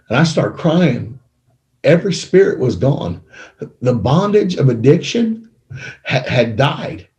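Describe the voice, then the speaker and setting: A middle-aged man telling his own life story in a studio conversation, emotional and animated as he acts out what people said. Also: mid-range voice, slow pace, long pauses. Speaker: guest telling his testimony. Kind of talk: conversational testimony. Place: small media studio. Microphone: studio microphone.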